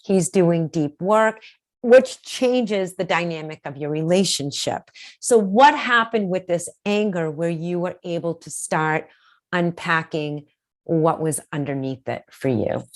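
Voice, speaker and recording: Low-voiced empathetic woman host. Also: a little slow. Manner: empathetic, reflective, asks probing questions. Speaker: podcast host. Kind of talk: conversational interview.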